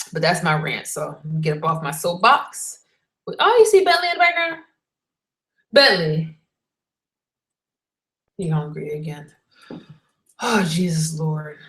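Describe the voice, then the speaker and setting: A woman's voice: on the low side, echoey room. A young woman venting in a blunt, exasperated rant to her camera, swearing freely as she tells her story. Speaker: vlogger.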